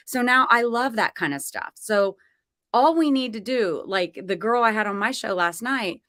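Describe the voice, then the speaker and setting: A woman's voice: mid-range voice, expressive, moderate pace, no echo, clean studio sound. A woman co-hosting a talk show, chatting openly and telling personal stories. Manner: chatty, warm-hearted storytelling. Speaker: co-host. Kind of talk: casual chat.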